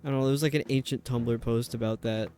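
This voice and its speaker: A man's voice: mid-range voice, steady tone, fast, mellow. A male streamer chatting casually and rambling while he plays, answering his chat.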